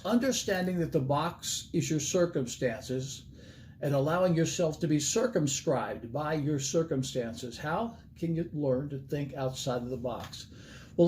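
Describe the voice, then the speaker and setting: Older preacher guy telling a folksy story, kinda high voice but mellow, little hiss behind. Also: normal speed. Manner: folksy, animated storyteller who acts out dialogue. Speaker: evangelist. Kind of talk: storytelling sermon to camera.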